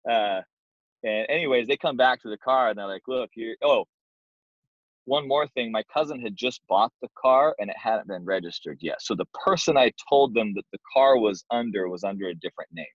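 A man's voice: lowish voice, lively intonation, fairly quick, no echo. A young man casually telling a self-deprecating story as a guest, easygoing and plain-spoken. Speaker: guest, door-to-door sales manager. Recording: dull, dry lo-fi sound.

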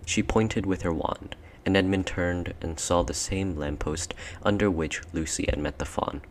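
Deep-voiced man reading a storybook. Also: steady tone, moderate pace. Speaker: narrator. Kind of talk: audiobook narration.

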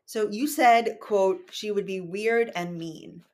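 A woman's voice: mid-range voice, slow pace, a little mellow. A woman co-hosting a book discussion podcast, talking casually and analytically and reading passages aloud in a wry tone. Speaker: podcast co-host.

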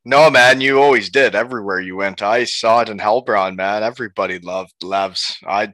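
A man hosting a relaxed interview, his questions rambling and loose. His voice is bright and crisp, recorded close and dry with no room sound. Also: lowish voice, normal speed, dry recording, poor audio. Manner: rambling questions, laughs easily. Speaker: podcast host. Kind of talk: casual interview chat.

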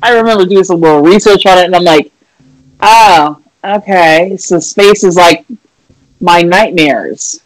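A woman talking casually about a movie, swearing freely and acting out scenes in loud outbursts. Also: on the low side, moderate pace, dry recording, rough recording. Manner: animated, swears freely, acts out scenes loudly.

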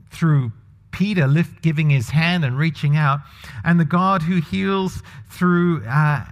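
Preacher with a higher voice in a reverberant hall. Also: male voice. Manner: conversational, asks the congregation questions. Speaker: pastor. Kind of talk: sermon.

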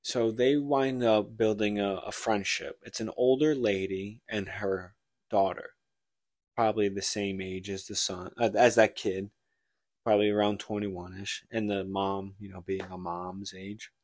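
A man's voice: on the low side, fairly even intonation, a little slow, no room sound, studio quality. A man co-hosting a casual podcast, retelling a book plot in a rambling way and acting out the characters' lines. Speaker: podcast co-host.

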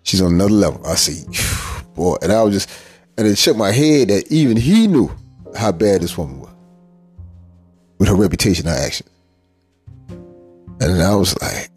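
A man's voice: on the low side, lively intonation, normal speed, pauses often, a little mellow, slightly rough, soft background music. A male podcast host telling a personal story in a candid, rambling, emphatic way, often restarting his sentences. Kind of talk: personal reflective monologue.

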